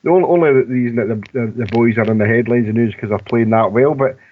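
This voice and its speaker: A Scottish man chatting casually about football on a radio phone-in, rambling and restarting his sentences. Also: mid-range voice. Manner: rambling, halting with many restarts. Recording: tinny phone line.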